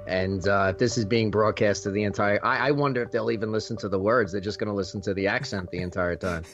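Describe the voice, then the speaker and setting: Guest, 30s man, New York accent, earnest and hesitant, slightly low voice. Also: fairly even intonation, fast talker, lo-fi sound, soft background music. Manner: earnest, hesitant with many fillers. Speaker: guest accountant. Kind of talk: interview answers.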